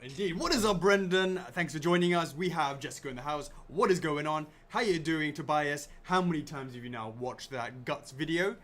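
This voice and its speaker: A man's voice: a little high, fairly bright tone. Upbeat man greeting a live chat. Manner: upbeat, greets viewers by name in quick succession. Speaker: livestream co-host. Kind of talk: casual live-stream chat.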